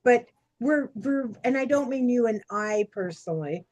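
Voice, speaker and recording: A woman, co-hosting a casual chat and telling stories in a chatty, animated way. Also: a little high, normal speed, lo-fi sound. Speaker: podcast co-host.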